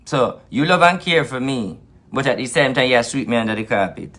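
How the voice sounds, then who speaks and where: A man's voice: medium pitch, lively intonation, brisk, fairly bright tone. A man with a Jamaican accent, a spiritual advisor delivering an angry, repetitive monologue full of grievance and swearing.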